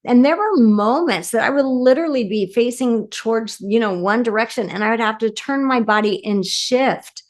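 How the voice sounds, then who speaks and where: This medium's voice is slightly high, and she talks at a moderate pace with barely a pause. Reflecting in an interview, she earnestly discusses grief and compassion and frequently ends with "right?".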